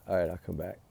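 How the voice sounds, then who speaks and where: A man's voice: low voice, vocal fry, mellow, husky. A man giving heated, emphatic casual commentary as a vlogger, recorded outdoors by a fire at night. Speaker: true-crime vlogger.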